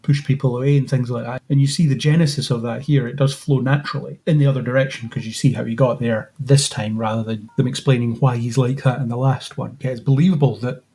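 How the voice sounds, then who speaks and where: A man co-hosting a podcast, discussing a film in a measured, analytical way. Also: mid-range voice, fairly even intonation, warm tone. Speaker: podcast co-host.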